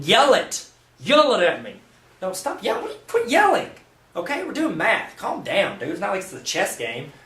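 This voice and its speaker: A man's voice: high-pitched, fairly bright tone. A man teaching a math lesson at a whiteboard, explaining steps while cracking playful jokes and asides to the viewer. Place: room with a whiteboard. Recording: roomy, mic at a distance.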